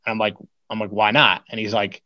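A podcast co-host tells a long, loose, rambling story packed with filler words in a casual chat. His voice is low-ish, monotone and fast, with the highs cut off.

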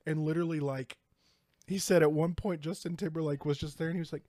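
A man's voice: fairly high pitch, steady tone, fast talker, warm tone, no echo, clean studio sound. Rambling, swearing male podcast host. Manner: rambling storyteller, swears freely. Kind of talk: casual chat.

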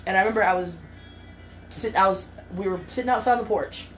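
A young woman casually telling a story, animated and laughing, acting out the voices of others. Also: medium pitch, fast, soft background music, poor audio.

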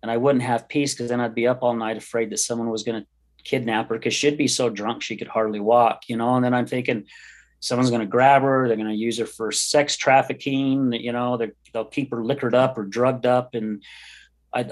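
A man of middle pitch tells his own story in an interview, earnest and rambling. He acts out the back-and-forth of old conversations as he goes. His pitch sits in an average range for a man. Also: fairly even intonation, normal speed. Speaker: podcast host and guest.

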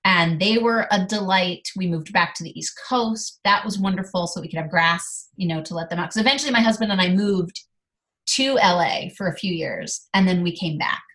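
A middle-aged woman speaking as a guest, candidly telling a personal story with lively delivery. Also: on the low side, moderate pace. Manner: animated, acts out quoted dialogue.

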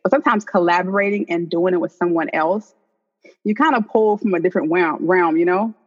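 A woman's voice: fairly low pitch, fairly quick. A woman co-hosting a relationship podcast, talking conversationally with many fillers and frequent laughs. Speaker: podcast co-host. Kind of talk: casual podcast chat. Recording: dull lo-fi sound.

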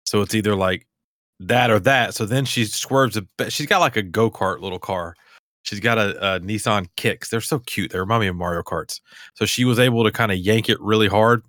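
A man's voice: lowish voice, a little fast, a bit bright, no room sound, clean studio sound. A man hosting a podcast, chatting casually, rambling and laughing easily. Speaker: podcast host. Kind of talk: casual chat.

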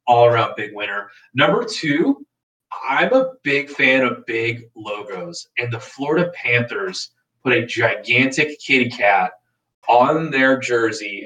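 A man co-hosting a casual sports chat, playful and quick with exaggerated mock-shocked reactions. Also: mid-range voice, bright, forceful tone. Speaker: podcast co-host. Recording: roomy, distant from the mic.

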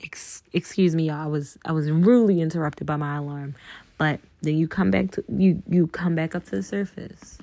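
Woman, gravelly low voice, casual spiritual talk, earnest, swears freely, dry close sound. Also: normal speed, mellow, dry recording. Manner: earnest, profane, addresses listeners as y'all. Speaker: podcast host.

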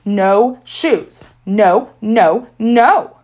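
A woman's voice: mid-range voice, takes it slowly, creaky, darkish tone, voice pushed up. A woman voicing a stubborn toddler boy in a tantrum, hollering refusals. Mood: screaming.

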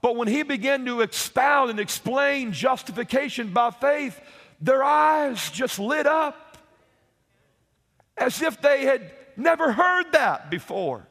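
A man preaching a sermon in an emphatic way, repeating words, rising to shouts on key points and asking his listeners "Hello?". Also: extremely high pitch, expressive, slow, in a large hall.

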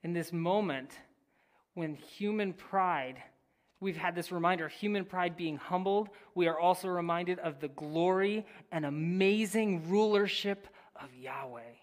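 A preacher reading scripture and teaching, swinging between loud declarations and near-whispered phrases, with casual asides to the listeners. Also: mid-range voice, unhurried. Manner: casual, addresses listeners as "guys". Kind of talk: sermon with Bible reading and teaching.

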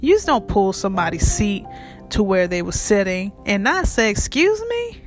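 Profane animated storyteller over faint music. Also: mid-range voice, moderate pace. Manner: animated, profane, addresses viewers directly. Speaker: vlogger. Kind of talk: casual storytime rant to camera.

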